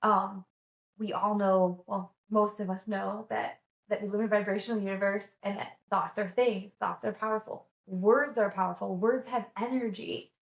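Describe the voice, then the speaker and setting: A woman talks straight to camera in an upbeat, chatty vlog, with loose fillers and eager restarts. Her voice sits at an ordinary pitch, and the room gives it a noticeable echo. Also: fairly even intonation, moderate pace, vocal fry. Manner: enthusiastic, chatty, with many "like"s. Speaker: vlogger. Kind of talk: casual chat.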